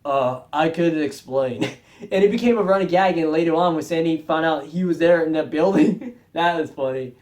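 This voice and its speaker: This music video vlogger has a slightly high, slightly mellow voice and a brisk pace. Talking casually on his channel, he rambles, keeps correcting himself and chuckles along the way.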